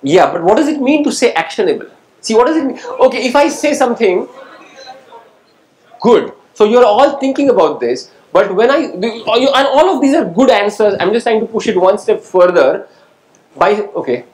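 A man speaks as a guest lecturer, calling on students and testing them with questions. His voice sits a little high for a man. The sound carries the echo of a lecture hall. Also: sing-song, moderate pace, darkish tone. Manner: engaging, quizzes the audience and calls on people; asks "right?" to check understanding.

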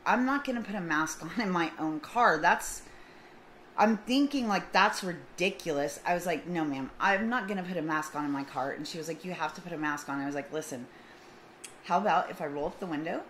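A middle-aged woman telling a story in a casual vlog, acting out both sides of the conversation in an animated way. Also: sits low, fast talker, low-quality recording. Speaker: vlogger. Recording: faint background noise.

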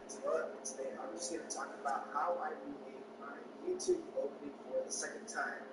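A man's voice: a little high, wildly swooping pitch, fairly quick. A man narrating his own vlog in a chatty, easygoing way, recorded far from the mic in an echoey room. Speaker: YouTuber. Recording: distant echoey room with loud noise. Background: loud noise.

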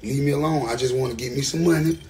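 A man's voice: medium pitch, fast, darkish tone, a little hiss or hum. A man in his thirties with a Memphis Southern accent, ranting to the camera in an angry, profane way and hammering home repeated phrases. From Memphis, Tennessee. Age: 30s. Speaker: rapper. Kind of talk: heated rant to camera.

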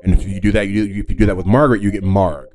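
A man's voice: deep voice, fairly even intonation, very fast, darkish tone. A man hosting a solo podcast, talking casually in a rambling way with lots of fillers and self-corrections. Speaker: podcast host.

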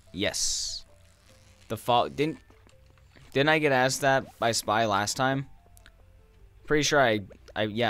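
A young man giving crude, rambling gameplay commentary, breaking into loud excited yelling at times. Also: lowish voice, smooth, no room sound. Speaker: gaming YouTuber.

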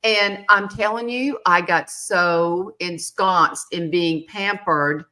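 Woman, middle-aged, bright tone, animated, self-mocking storyteller, casual chat. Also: fairly low pitch, takes it slowly. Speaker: podcast host.

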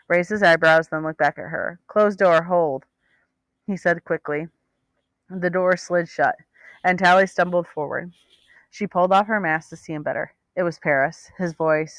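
A woman narrating an audiobook with steady, expressive storytelling. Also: fairly low pitch, no echo. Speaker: audiobook reader.

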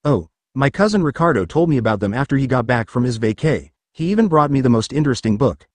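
A man's voice: mid-range voice, lively intonation, fast talker, no echo, natural voice. A man voicing a flamboyant, chatty male sea serpent who gushes and rambles in a storybook reading. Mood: gushing.

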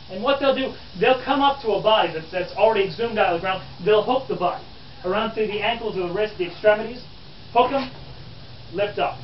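At an outdoor historic park program, a man in character as an 1860s newspaperman delivers a grim, lecturing talk to visitors in a high voice. He's a living history interpreter, theatrical and scornful, addressing the crowd as "friends." The recording is distant, roomy, dull camera audio with a little hiss or hum.

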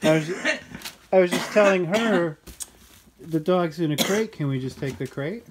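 A man's voice: fairly high pitch, normal speed. A man working as an animal rescuer, talking in an easygoing, reassuring way. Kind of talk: casual chat. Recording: noisy home recording.

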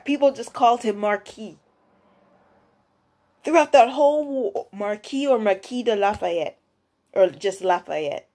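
A young woman telling a story in a casual, rambling monologue, with many restarts and excited rises in pitch. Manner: lively pitch jumps when excited. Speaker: vlogger.

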